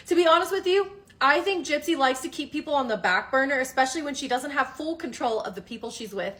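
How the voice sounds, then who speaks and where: A woman's voice: sits high, a bit bright. A woman giving pointed gossip commentary, addressing people directly. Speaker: commentary vlogger. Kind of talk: casual commentary.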